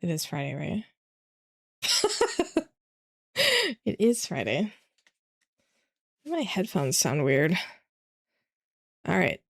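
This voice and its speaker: A tired young woman chatting casually as a streamer, with vocal fry and lots of fillers. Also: low voice, wildly swooping pitch, very slow, pauses often. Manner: rambling, many fillers. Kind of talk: casual chat.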